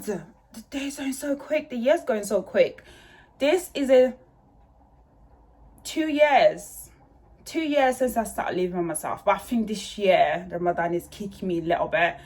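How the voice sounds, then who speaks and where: Chatty woman vlogging from her kitchen. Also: mid-range voice. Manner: rambling, chatty, many fillers. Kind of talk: casual chat to camera. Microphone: handheld phone.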